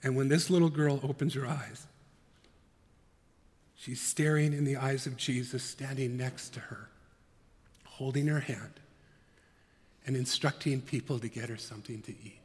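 A male pastor preaching a sermon, earnest, dropping to soft hushed tones and rising to emphatic peaks. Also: mid-range voice, slightly rough, big-room sound.

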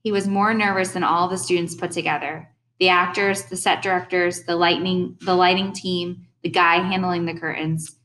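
A young adult woman reading a first-person audiobook in a steady, earnest storytelling manner. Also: fairly low pitch, moderate pace, few pauses, low-quality recording. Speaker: audiobook narrator.

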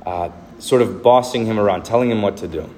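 A man's voice: on the low side, fairly quick, warm tone, slight background noise. Man preaching in a reverberant hall. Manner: earnest, acts out quoted speech. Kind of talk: sermon. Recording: reverberant hall, faint ambience.

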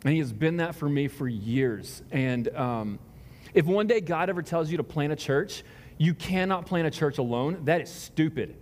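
A man's voice: a little high, lively intonation, moderate pace, a little mellow. A man speaking as pastor, giving casual announcements to his congregation in a rambling, self-deprecating way full of tangents. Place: large church hall before a congregation. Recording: long reverb of a large hall.

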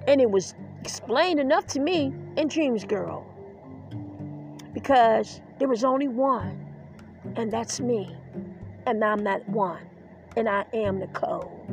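A woman's voice: fairly high pitch, takes it slowly, faint music behind. A woman hosting a podcast, talking in an emotional, defiant personal monologue and getting choked up at times. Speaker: podcast host.

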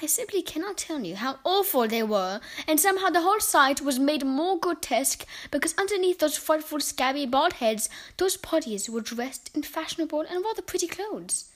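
A woman reading a children's story aloud in an expressive, dramatic way. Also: high voice, moderate pace, few pauses.

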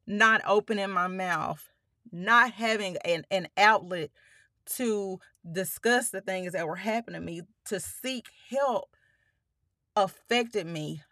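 A woman speaks slowly and with emphasis, calling her listeners y'all as she tells her own story. Her voice is bright and tense and she is holding back tears. The recording is close and dry. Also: mid-range voice, dry recording. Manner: emphatic, addresses listeners as y'all, frequent swearing. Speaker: podcast host. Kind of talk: personal storytelling monologue.

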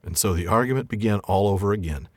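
A man's voice: lowish voice, fast, dry recording. A man co-hosting a podcast, chatting casually and reading aloud with animation, laughing along as he goes. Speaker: podcast co-host. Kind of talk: casual chat and read-aloud.

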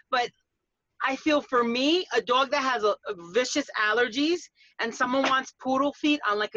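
Bright high-voiced New York woman. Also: lo-fi sound, slight background noise. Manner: lively, laughs often, drops into playful voices. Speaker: dog groomer. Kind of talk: casual podcast chat.

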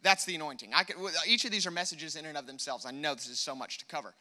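A man's voice: fairly high pitch, racing. An American man preaching a sermon, emphatic and repetitive, calling on the congregation to respond. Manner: emphatic preaching, rising loud on key points, repeats words. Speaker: pastor.

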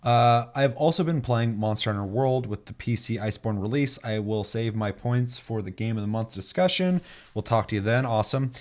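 A man's voice: medium pitch, fairly quick. A young man hosting a podcast in casual chat, reading out listener comments, loose and profane, laughing easily. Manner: loose and profane, laughs often, animated when telling stories. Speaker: podcast host.

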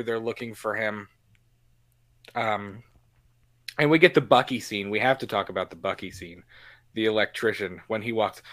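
A young man in casual podcast chat, recapping a film scene by scene. His pitch rises and falls a lot, and he jumps into bits of quoted dialogue. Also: no echo. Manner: animated, acts out quotes from scenes. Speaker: podcast co-host. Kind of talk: casual movie discussion.

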